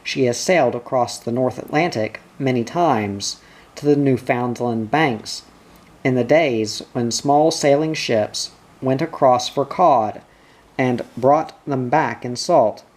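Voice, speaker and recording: A man reading the part of an older sailing instructor explaining ships, unhurried. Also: mid-range voice, a little mellow.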